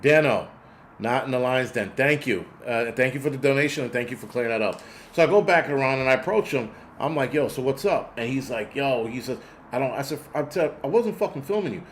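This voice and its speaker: Speaking a little fast in a mid-range, slightly bright voice, a man hosts a laid-back chat stream with some background noise. He rambles through a street story, cursing bluntly, using plenty of fillers, and breaking off to respond to donations.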